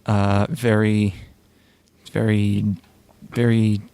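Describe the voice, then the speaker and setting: A man co-hosting a podcast, chatting in a laid-back, dry way with drawn-out fillers. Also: on the low side, little pitch movement, gravelly, dark tone, clear, resonant tone, no room sound. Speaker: podcast co-host. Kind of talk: casual chat reviewing shows.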